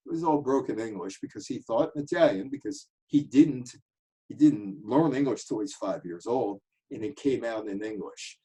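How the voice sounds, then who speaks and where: New guy telling stories, voice jumps all over, middle pitch. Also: mellow, low-quality recording. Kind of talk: casual storytelling monologue.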